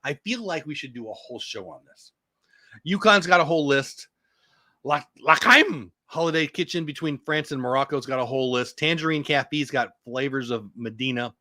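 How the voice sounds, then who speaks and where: A middle-aged man hosting a chatty morning show in an average-pitched voice. He rattles through long menu lists and keeps making fun of his own pronunciation. The sound is dry and close, with no room echo. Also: expressive, normal speed, bright, forceful tone. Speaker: show host. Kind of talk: casual morning news chat.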